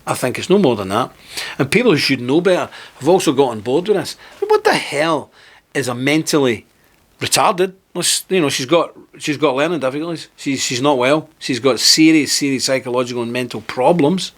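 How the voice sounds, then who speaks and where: A man's voice: medium pitch, a bit bright. A man delivering indignant, sarcastic video commentary.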